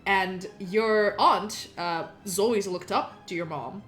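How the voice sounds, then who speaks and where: A woman's voice: medium pitch, slow pace, a bit bright. A woman narrating a tabletop role-playing game as game master.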